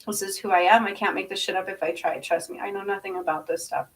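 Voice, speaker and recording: Far from the mic and in poor audio, a woman talks fast in a mid-range voice with fairly even intonation. She channels spirits with her eyes shut, repeating herself intensely, chanting odd syllables, and asking again and again if listeners understand.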